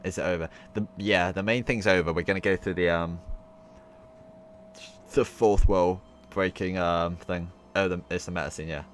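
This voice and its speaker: A young man with a low-pitched, fairly even voice live-streams a visual novel at normal speed, rambling casually with plenty of fillers, occasional swearing and loud laughs. The stream audio is noisy with a hum.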